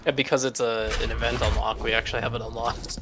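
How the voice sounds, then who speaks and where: A man's voice: medium pitch, flat delivery, fast talker, music in the background. A man in casual voice chat while gaming, chatty and teasing. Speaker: gamer. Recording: game sounds behind.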